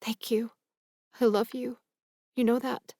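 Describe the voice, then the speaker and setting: A woman reading the part of a heartbroken young woman, quiet and halting, in an audiobook. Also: fairly high pitch, level tone, dry recording, studio quality, voice pushed up. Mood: tender. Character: heartbroken young woman, tearful and soft-spoken.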